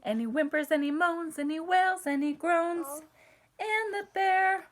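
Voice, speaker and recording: Woman teacher, story reading to kids, sing-song, high voice, slow. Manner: slow, sing-song, prompting children to join in. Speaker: music teacher. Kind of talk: reading a picture book aloud to children.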